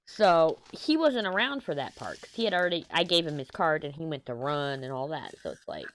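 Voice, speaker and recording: A woman's voice: low-pitched, lively intonation, brisk. A woman, casually chatting as a crafting channel host and rambling through a story, correcting herself as she goes. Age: 30s. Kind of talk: casual chat while diamond painting.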